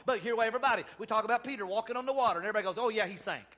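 Pastor guy preaching in church, real high voice, swings soft to loud, lots of amens. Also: rapid-fire, hardly any pauses. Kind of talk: sermon.

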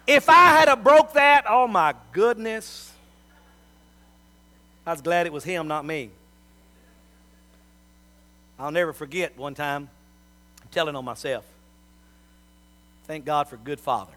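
A middle-aged man preaching a sermon, telling folksy family stories and swinging from soft asides to loud appeals. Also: high-pitched, moderate pace, long pauses. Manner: folksy storytelling with big swings in loudness.

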